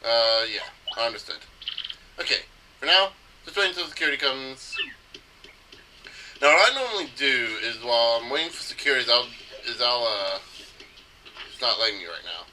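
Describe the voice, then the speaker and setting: A man's voice: mid-range voice, lively intonation, moderate pace, long pauses, slight background noise, low-quality recording. A man giving casual, hesitant gameplay commentary, rambling with fillers. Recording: loud video game music behind.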